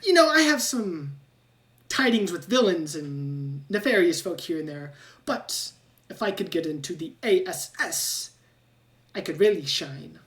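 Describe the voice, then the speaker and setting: A woman voicing an eccentric, shady male rat scientist who squeaks and clings to his new friend. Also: lively intonation, a little slow, distant mic. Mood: eager. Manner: squeaky, ends lines with squeak squeak.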